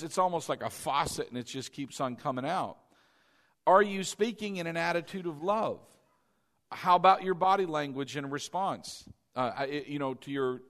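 A middle-aged man preaching a sermon as pastor in a church. He talks in an animated way, climbing to loud emphasis and then dropping low and confiding.

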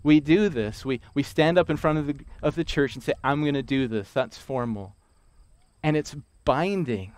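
A man preaching a sermon, emphatic, repeating key lines slowly for weight. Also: a little high, animated, darkish tone, no echo. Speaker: pastor.

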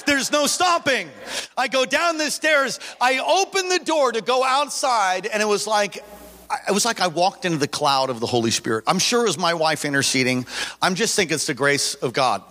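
Bright, sharp-toned man in his forties preaching a lively sermon, animated storyteller. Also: high-pitched, moderate pace. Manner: animated storytelling, acting out scenes, preaching to a congregation. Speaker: pastor.

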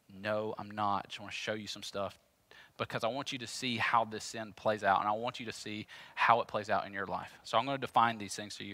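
A man's voice: lowish voice, bright, forceful tone, dry recording. A man pastor preaching a sermon in an emphatic, repetitive, conversational way.

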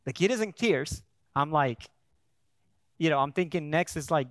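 A man's voice: on the high side, normal speed, long pauses, fairly bright tone, no room sound, studio quality. A male pastor preaching a sermon, telling a story in a conversational way with frequent restarts, then building to emphatic preaching. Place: church.

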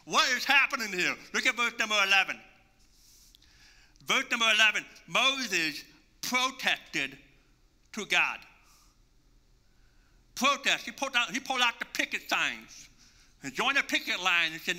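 A male pastor preaching a sermon, conversational and animated as he tells the story. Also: high voice, moderate pace, in a large hall.

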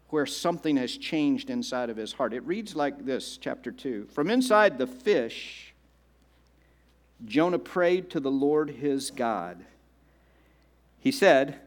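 A male pastor delivering a sermon, repeating phrases and slowing down for emphasis. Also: fairly high pitch. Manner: repetitive and dramatic, slowing down for emphasis.

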